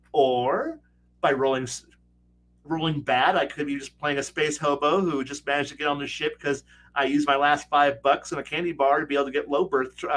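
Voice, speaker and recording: A middle-aged man chatting casually about tabletop gaming, animated and profane, often acting out players' lines. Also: fairly high pitch, slight background noise. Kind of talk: casual streamed chat.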